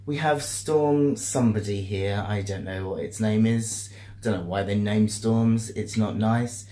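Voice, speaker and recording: A British man in his thirties keeps a casual video diary on a handheld camera. His voice sits a little low, and he chats warmly and laughs easily, often talking himself through the day. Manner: chatty, self-talking, quick to laugh. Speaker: vlogger.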